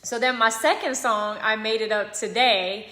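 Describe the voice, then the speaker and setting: A woman's voice: on the high side, fairly even intonation, normal speed, pushed and bright. A woman working as a mortgage loan officer who gives casual advice straight to her viewers and keeps checking in with them by asking "okay?" and "right?". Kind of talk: casual direct-to-camera advice. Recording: echoey room.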